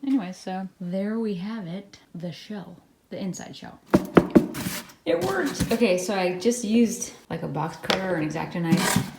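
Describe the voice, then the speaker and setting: A woman's voice: fairly low pitch, moderate pace, background noise. A woman chatting casually in a do-it-yourself craft vlog at home, rambling and joking at herself with little laughs. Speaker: vlogger.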